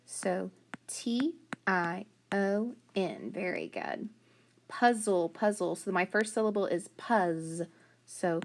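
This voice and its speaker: A woman's voice: medium pitch, animated, slow, slight background noise. A woman teacher giving a phonics lesson, sounding out letters one by one and praising each answer.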